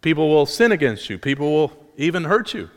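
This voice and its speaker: Male pastor preaching, a bit high voice, earnest, lots of rhetorical questions, big church echo. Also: sing-song, brisk. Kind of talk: sermon.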